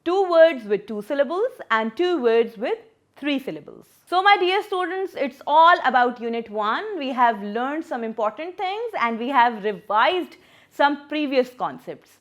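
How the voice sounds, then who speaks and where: A woman teacher walks young pupils through a lesson. Her voice sits a little high and rises and falls with animated energy. She stretches words out slowly, clapping them apart syllable by syllable. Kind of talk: children's English lesson.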